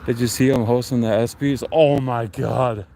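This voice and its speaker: A man in his forties on a casual live stream, chatting in a relaxed, rambling and enthusiastic way. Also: medium pitch, moderate pace, creaky. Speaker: livestream host. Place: outdoors on a neighborhood street. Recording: faint outdoor street noise.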